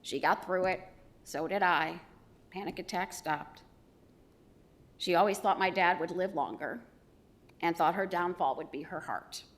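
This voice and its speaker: A middle-aged woman giving a eulogy for her mother, telling stories with gentle humor. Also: on the low side. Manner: warm storytelling with gentle humor. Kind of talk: funeral eulogy.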